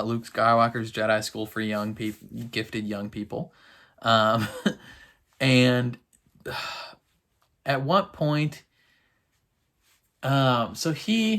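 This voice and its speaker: A man's voice: mid-range voice, gravelly, fairly bright tone. A man giving casual reaction commentary on a show, rambling with lots of fillers and frequent laughs. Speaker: reaction video host.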